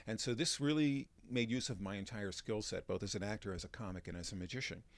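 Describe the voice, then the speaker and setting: A low-voiced man describes his work in a loose, chatty way, often stumbling and restarting his sentences. He talks as a performer being interviewed. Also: quick pace, no echo. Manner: chatty, with frequent restarts and fillers. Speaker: magician, comic and actor. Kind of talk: interview conversation.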